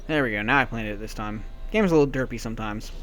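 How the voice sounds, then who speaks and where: With a fast, mid-range voice that's a bit bright, a man narrates a video game as a let's-play commentator. His delivery is sarcastic, self-mocking, and playful throughout.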